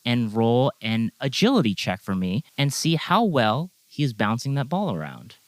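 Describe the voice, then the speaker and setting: A man's voice: medium pitch, moderate pace, dry recording. A man running a tabletop game as game master, narrating playfully. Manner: playful, lively narration, laughs often.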